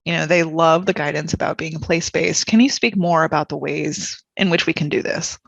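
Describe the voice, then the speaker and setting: Gravelly moderator over a muffled video call. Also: medium pitch, a little fast, a bit bright, dry recording. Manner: brief, plainly reads out questions from the chat. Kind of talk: reading audience questions.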